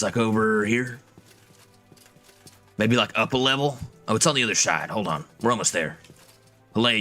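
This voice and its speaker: A man's voice: fairly low pitch, sharp tone. A man giving casual, joking gameplay commentary with lots of filler words. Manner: casual, joking, says "dude" and "like". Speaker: gaming video creator. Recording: game music behind.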